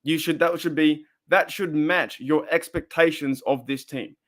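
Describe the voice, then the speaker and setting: A man's voice: fairly high pitch, fairly even intonation, a little slow, a bit bright. A young Australian man hosting a casual live stream, rambling and repeating himself as he reads the chat.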